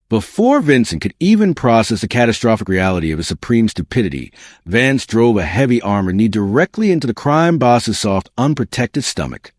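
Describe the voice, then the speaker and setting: A man's voice: on the low side, sing-song, normal speed, dry recording, studio quality. A man reading a dramatic story as scripted narration with an intense delivery.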